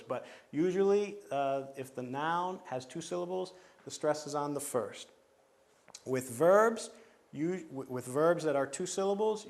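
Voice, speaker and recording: A man giving a lecture to teachers on pronunciation and group work, in a measured, explanatory way, often restarting and clearing his throat. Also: a little high. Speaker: teacher trainer.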